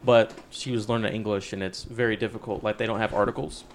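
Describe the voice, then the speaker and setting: A man in a casual group chat, quick and matter-of-fact. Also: fairly low pitch, steady tone, a little hiss or hum.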